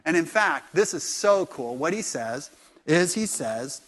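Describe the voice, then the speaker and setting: Lively high-voiced male preacher. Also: a little slow. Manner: animated, acts out dialogue with sudden loud bursts. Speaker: pastor. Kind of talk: sermon. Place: church.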